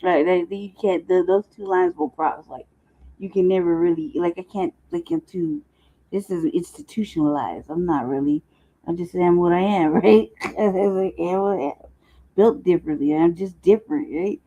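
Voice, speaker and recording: A woman's voice: lowish voice, expressive, moderate pace, vocal fry, mellow. A woman hosting a casual commentary chat, laughing often and talking in loose slang. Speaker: host. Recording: dull lo-fi sound.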